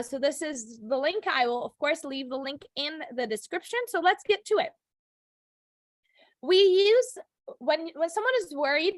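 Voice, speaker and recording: Upbeat high-voiced woman teaching a class. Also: fairly bright tone, dry recording. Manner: upbeat, chatty, with fillers and self-corrections. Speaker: English teacher. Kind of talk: classroom lecture recorded for video.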